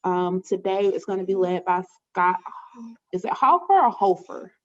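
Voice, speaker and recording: A woman's voice: lowish voice, little pitch movement, moderate pace, darkish tone. A woman hosting an online webinar in a chatty, friendly way, with frequent filler words. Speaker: webinar host. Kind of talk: casual hosting with housekeeping announcements. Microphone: video call. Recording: muffled video-call audio.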